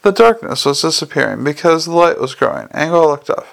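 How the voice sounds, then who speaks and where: A man narrating a fantasy audiobook, his voice sitting slightly high with a gravelly rasp. He reads at a steady, even storytelling pace. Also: a little fast. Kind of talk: scripted narration.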